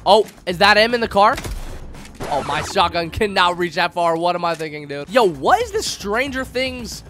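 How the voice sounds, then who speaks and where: A young man giving excited, slangy commentary while playing a video game, taunting opponents as he goes. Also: sits high, normal speed, over music. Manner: hyped, slangy, talks to opponents. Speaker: gaming YouTuber.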